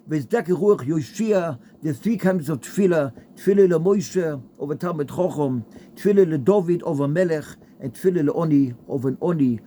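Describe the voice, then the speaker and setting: A man's voice: fairly high pitch, dark tone, slight background noise. A man giving a heartfelt Torah talk with a story, mixing in Hebrew and Yiddish terms. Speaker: Torah speaker.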